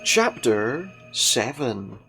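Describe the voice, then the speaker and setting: A man's voice: mid-range voice, very animated, very slow, vocal fry, bright, forceful tone, faint music behind. A young man casually commenting while playing a video game and reading its dialogue aloud. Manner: casual, chatty, reads character lines in varied voices. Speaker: gameplay commentator.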